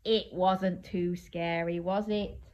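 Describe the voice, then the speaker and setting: A woman reading a children's picture book aloud, playful and animated, inviting the listener to join in, with drawn-out dramatic pauses. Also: lowish voice. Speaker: children's story reader.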